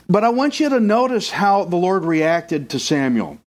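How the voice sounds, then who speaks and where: A man preaching a sermon in an animated way, acting out the voices of the people he quotes. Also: sits high, unhurried.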